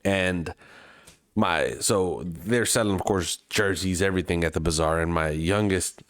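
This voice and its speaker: A man from Mexico, co-hosting a podcast, telling a travel story with lively acted-out voices and plenty of swearing. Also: low-pitched, measured pace, no echo. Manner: animated storyteller, acts out other people's voices, swears freely. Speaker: podcast co-host. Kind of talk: casual chat, storytelling.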